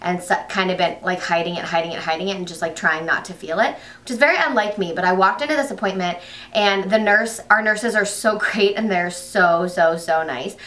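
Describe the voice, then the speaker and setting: A pregnant woman tells a story to her vlog camera, fast and rambling, with plenty of fillers and restarts. Her voice is bright and forward. The sound is echoey and picked up from a little way off. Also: on the low side, distant mic. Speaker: vlogger.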